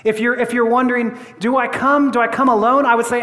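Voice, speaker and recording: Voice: mid-range voice, fairly even intonation, quick pace, fairly bright tone, big-room sound. A pastor giving a sermon in a church, conversational and laughing often, with frequent repeated words.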